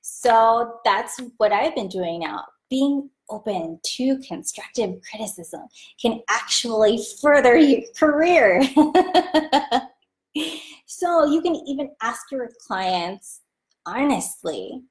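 A woman talking casually about careers and client relationships, chatty and animated, acting out the people she quotes. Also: fairly high pitch, slow. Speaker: vlogger giving career advice. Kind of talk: casual talk to camera.

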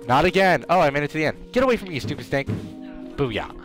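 A man doing excitable let's play commentary, trash-talking the enemies in his game. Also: a little high, fast talker, soft background music. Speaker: gamer.

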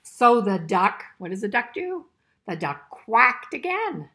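A woman's voice: on the high side, huge pitch swings, takes it slowly, pauses often, pushed and bright. An older woman reading a picture book aloud to children, playful and chuckling, asking her listeners questions as she goes. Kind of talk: interactive read-aloud for children.

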